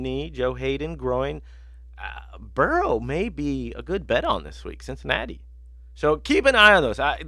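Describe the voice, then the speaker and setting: A man's voice: on the high side, a bit bright, dry recording. A man hosting a sports betting podcast, telling rambling, profane stories in casual chat with lots of fillers.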